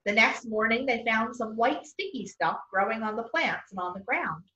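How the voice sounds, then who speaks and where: A woman storyteller reading a children's story aloud, expressive and gentle, recorded in a church far from the mic with echo and dull sound. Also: fairly high pitch, normal speed.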